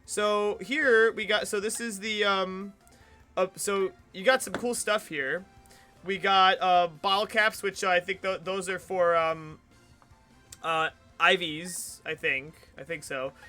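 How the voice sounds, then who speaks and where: A chatty man talking his way through a video game on stream, full of fillers and restarts. His voice is high and bright, and faint game music plays behind him. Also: fairly even intonation, takes it slowly. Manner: rambling, chatty, many fillers. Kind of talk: casual let's play commentary.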